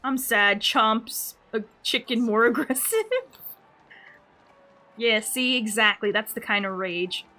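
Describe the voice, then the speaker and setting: A woman's voice: on the high side, slow pace, pauses often, pushed and bright, faint music behind. A woman streamer chatting casually and wryly while playing a game on a live stream. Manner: chatty, wry and offhand.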